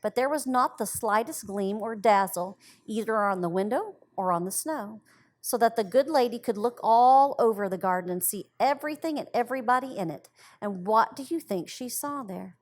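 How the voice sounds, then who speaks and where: A woman's voice: a little high, normal speed. Woman reading a story aloud. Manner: expressive, gentle storybook delivery. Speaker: library storyteller.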